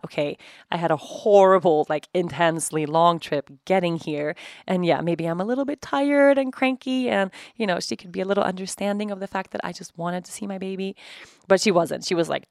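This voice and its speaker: A woman's voice: on the low side, normal speed, creaky, a little mellow, no room sound, clean studio sound. A woman in her thirties hosting a podcast, telling a personal story candidly and emotionally, with frequent swearing and acted-out dialogue. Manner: emotional, swears freely, acts out quoted dialogue. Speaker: podcast host.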